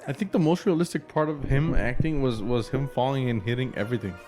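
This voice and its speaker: A man's voice: medium pitch, quick pace, darkish tone, faint music behind. A man co-hosting a podcast, mostly giving brief replies and agreement in a casual movie chat, with some Spanish slang. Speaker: podcast co-host.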